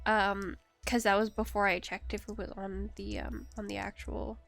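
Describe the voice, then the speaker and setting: A woman's voice: medium pitch, moderate pace, hardly any pauses, fairly bright tone, dry recording, clean studio sound, faint music behind. A young woman streaming live, chatting casually with her viewers, giggling often and teasing them playfully.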